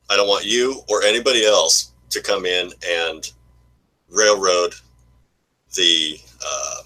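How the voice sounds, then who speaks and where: A man hosting a casual livestream chat, talking haltingly and repeating words in an easygoing way. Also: low-pitched, pushed and bright, low-quality recording. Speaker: livestream host.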